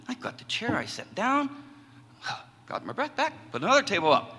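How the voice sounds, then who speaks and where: Middle-aged male professor, animated storyteller, bright clear tone, hall reverb. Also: high voice, moderate pace. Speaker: assistant professor of communication. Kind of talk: personal testimony to a college audience.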